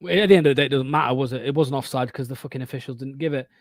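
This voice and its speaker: A man, hosting a fan watchalong stream and giving excitable, sweary live match commentary. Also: mid-range voice, racing, dry recording.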